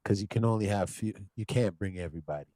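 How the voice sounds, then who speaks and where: A man answering interview questions casually in a calm, matter-of-fact way. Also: fairly low pitch, quick pace, no echo. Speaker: interview guest.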